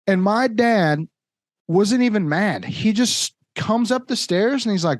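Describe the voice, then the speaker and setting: A man's voice: high voice, unhurried, no room sound. A young man co-hosting a podcast, telling a long story in casual chat and acting out what people said. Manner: animated storytelling, acts out quotes. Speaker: podcast co-host.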